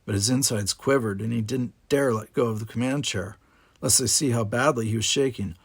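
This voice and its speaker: A man's voice: mid-range voice, brisk, husky. A man narrating a novel chapter aloud, putting on voices for the characters. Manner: reads with varied character voices. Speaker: audiobook reader. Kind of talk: fan-fiction audiobook narration.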